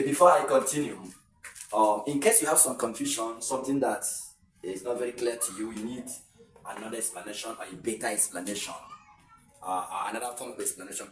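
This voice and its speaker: A man's voice: on the low side, roomy sound, distant mic, poor audio. A man with a Nigerian accent teaching an exam lesson, explaining step by step and repeating key points. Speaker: exam tutor. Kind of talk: video lesson.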